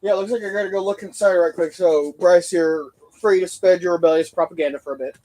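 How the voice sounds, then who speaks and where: A man's voice: high-pitched, steady tone, fast, a little mellow. Joking rambling man on a livestream. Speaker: livestream host and Civil War reenactor. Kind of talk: casual livestream chat.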